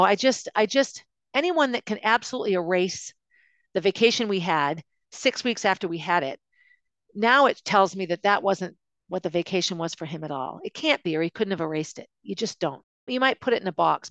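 A woman's voice: medium pitch, lively intonation, brisk, a bit bright, dry recording. A woman tells her own story in an emotional, confiding monologue, often restarting her sentences. Her voice sits close and dry, with no room around it. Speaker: podcast host recounting her own life.

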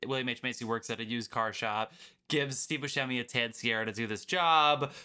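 A man co-hosting a podcast, chatting casually about a film and retelling its scenes in an animated way. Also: mid-range voice, brisk, clean tone. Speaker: podcast co-host.

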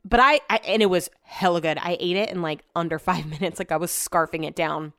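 A woman talks straight to her listeners in a loose, rambling storytelling chat, with "like" in every other phrase and the odd curse word. Her voice is smooth and clear. The sound is close and dry, with no room around it. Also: lowish voice, brisk, fairly bright tone, dry recording. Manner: chatty, rambling, heavy use of "like" and swearing. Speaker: podcast host.

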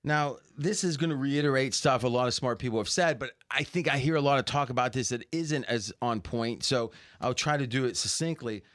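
A man's voice: medium pitch, a little fast, hardly any pauses, fairly bright tone, dry recording, clean studio sound. A man talking football as a guest analyst, arguing his points animatedly and restarting sentences as he thinks aloud. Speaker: sports betting analyst guest. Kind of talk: casual sports talk.

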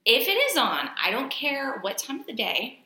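A woman co-hosting a casual podcast with a bright, sharp, slightly high voice. She talks emphatically and playfully and tends to repeat herself. The sound is roomy and echoey. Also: big pitch swings, moderate pace. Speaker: podcast co-host. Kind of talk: casual chat. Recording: echoey room.

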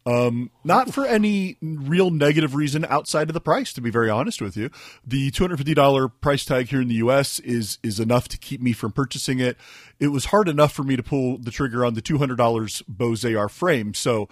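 A man's voice: mid-range voice, brisk, no room sound. Chatty man explaining tech, dry. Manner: chatty, explains step by step with many restarts. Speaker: radio show co-host. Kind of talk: casual tech radio chat.

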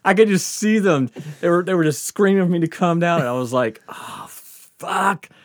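A man's voice: high-pitched, expressive, a little fast, no room sound, studio quality. A man hosting a podcast, telling a story in casual chat, laughing often and swearing freely. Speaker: podcast host.

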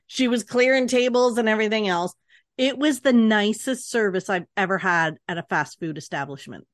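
Woman podcast cohost, mid pitch, excited and halting, dry recording. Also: no room sound. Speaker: podcast co-host. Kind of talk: casual chat.

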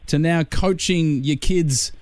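A man's voice: on the high side, takes it slowly, darkish tone, no room sound. A man co-hosting a chat show, chatty and laughing along with his guest. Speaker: co-host. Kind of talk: casual chat.

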